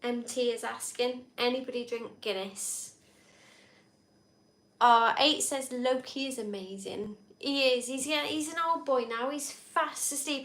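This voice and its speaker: A woman's voice: fairly high pitch, a bit bright. A woman co-hosting a live stream, chatting casually and reading out viewer comments in a rambling, easygoing way. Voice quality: chatty, rambling, laughs easily. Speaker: co-host of a live drinking stream. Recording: echoey room.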